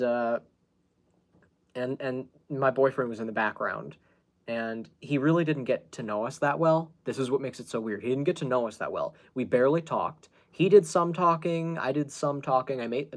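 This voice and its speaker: A man hosting a podcast, telling stories in a casual, rambling way with many fillers and restarts. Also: medium pitch. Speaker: podcast host. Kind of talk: casual storytelling chat.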